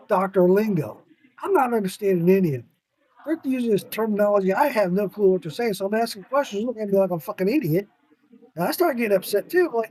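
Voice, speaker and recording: High-voiced swearing podcast host, a man. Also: no echo. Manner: animated storyteller, swears freely, laughs often. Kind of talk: casual chat.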